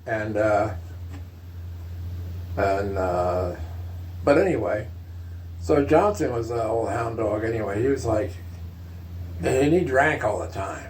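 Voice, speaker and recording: A man's voice: fairly low pitch, expressive, takes it slowly, pauses often, darkish tone, slight background noise, low-quality recording. Older man rambling through an old story. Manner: rambling, lots of fillers and laughing asides. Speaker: storyteller, uncle. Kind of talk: casual family storytelling.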